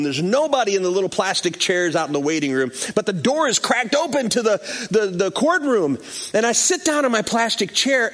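A man preaching as a pastor, reading scripture and telling a personal story, acting out the people in it. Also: high voice. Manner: animated, acts out the people in his stories. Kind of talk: sermon with storytelling.

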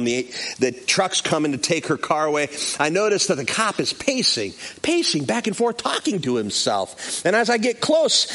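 Male pastor, sermon delivery, raised voice, animated pitch swings, acts out the characters in his story.

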